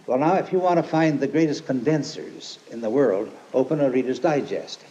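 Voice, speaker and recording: An older man delivers a rambling, folksy sermon in a mellow, relaxed voice. He leans hard into scripture quotations with emphasis. The old archive recording sounds dull and lo-fi with a faint hiss behind it. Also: mid-range voice, moderate pace. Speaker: lay preacher and teacher. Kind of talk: informal sermon.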